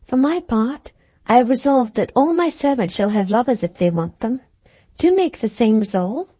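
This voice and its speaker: A woman reading a wealthy, eager young woman in an audiobook, in a lively, coaxing manner, with her voice lifted above her own. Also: fairly high pitch, normal speed, no room sound.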